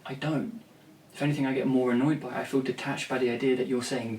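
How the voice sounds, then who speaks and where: A male songwriter and vlogger talks to camera at a quick pace with few pauses, his medium-pitched voice level and a little mellow. He rambles bluntly, swears freely and restarts often. The recording is roomy and off-mic, with faint ambience and slight background noise.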